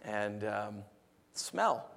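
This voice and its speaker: A middle-aged married man preaching a sermon, animated and rhetorical with a humorous streak. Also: lowish voice, extremely slow, vocal fry, background noise. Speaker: pastor.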